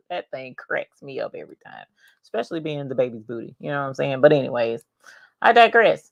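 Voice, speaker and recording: A woman hosting a casual craft livestream, chatting and greeting viewers by name with drawn-out exclamations. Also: sits low, lively intonation, vocal fry, dry recording, clean studio sound.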